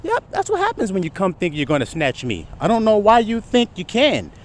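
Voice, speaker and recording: A man's voice: sits high, wildly swooping pitch, a little fast. A man preaching a sermon outdoors, talking to his listeners with many rhetorical questions. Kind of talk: street-side sermon. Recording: outdoor traffic noise.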